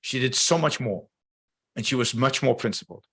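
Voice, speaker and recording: A man's voice: mid-range voice, normal speed, bright, forceful tone, slightly rough. A middle-aged man hosting a show, giving opinionated, emphatic commentary with lots of fillers and restarts. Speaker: show host. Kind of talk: casual livestream commentary.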